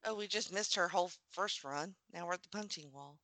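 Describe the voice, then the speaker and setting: A woman's voice: fairly low pitch, brisk, fairly bright tone, no echo. A woman hosting a podcast, chatting casually while watching TV, giggly and blunt, swearing freely. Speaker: podcast host.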